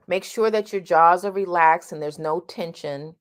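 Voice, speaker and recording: A woman with a lowish, smooth voice teaches singing at a moderate pace with few pauses. She talks through vowel sounds and breaks into short sung vowel demonstrations in between.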